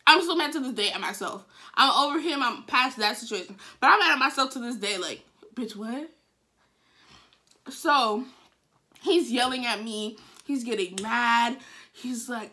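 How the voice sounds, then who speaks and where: Bright-voiced woman telling a dramatic story. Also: high-pitched, a little slow, pauses often. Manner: dramatic, animated retelling with sudden wailing outbursts; frank and profane. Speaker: vlogger. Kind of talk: casual storytime.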